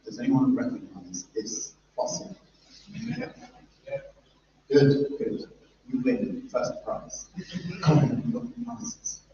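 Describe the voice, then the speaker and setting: A man's voice: mid-range voice, huge pitch swings, slow, pauses often, dark tone. A man, giving a chatty, jokey conference talk and talking with the crowd. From London, England. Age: 50s. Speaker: guest speaker at an industry event. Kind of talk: conference talk to a live audience. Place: large echoey event room. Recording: echoey, muffled, distant with faint noise.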